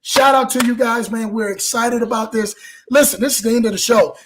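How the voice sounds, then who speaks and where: A man hosting a live show, talking in an animated, preacher-like way and blessing his audience. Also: extremely high pitch, fairly quick, slight background noise, low-quality recording. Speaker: show host. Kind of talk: exuberant live show wrap-up.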